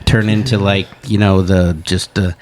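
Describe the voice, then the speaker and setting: A man's voice: low-pitched, little pitch movement, moderate pace, slight background noise. A man co-hosting a comedy podcast, chatting loosely, laughing a lot and slipping into goofy voices at a desk mic. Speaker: podcast co-host. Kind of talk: casual chat. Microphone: studio desk microphone.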